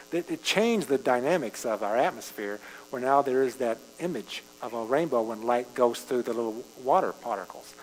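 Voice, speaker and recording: A man preaching a sermon, reading scripture and then talking it through in a conversational way, rising for emphasis. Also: medium pitch. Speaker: pastor. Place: church sanctuary. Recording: live church stream with long reverb and mains hum.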